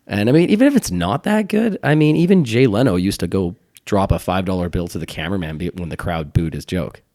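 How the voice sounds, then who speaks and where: A man's voice: on the low side, a little mellow, dry recording, studio quality. A man co-hosting a podcast in casual chat, joking and reading out punchy comeback lines.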